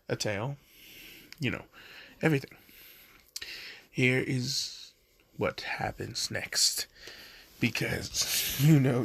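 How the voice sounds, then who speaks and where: Man, slow casual storyteller, rambling fillers, swearing, dry close sound. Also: medium pitch, fairly bright tone, breathy edge, no echo. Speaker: fan fiction storyteller.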